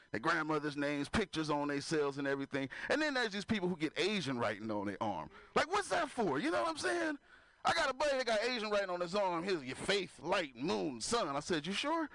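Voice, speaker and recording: A man's voice: a little high, a bit bright, no room sound. A man doing a stand-up comedy set, working the crowd loosely and laughing at his own jokes.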